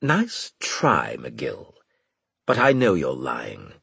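A man's voice: very deep voice, wildly swooping pitch, very slow, gravelly, fairly bright tone, slightly rough, no echo, voice pushed down, heavily acted. A man voicing a snide, scheming male senior officer in an audiobook, sneering and clipped. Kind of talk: audiobook character voice.

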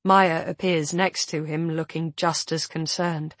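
A woman narrating a first-person novel in a measured, intimate storytelling manner. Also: low-pitched, steady tone, no room sound. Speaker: audiobook narrator.

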